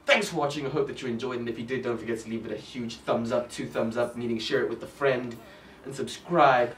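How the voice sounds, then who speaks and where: A man's voice: mid-range voice, steady tone, fairly quick, fairly bright tone, a little hiss or hum. Joking young man, roomy. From South Africa. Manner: joking, rambling, full of "like". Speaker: vlogger. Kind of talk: comedic vlog rant. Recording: roomy sound from a distance. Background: faint music.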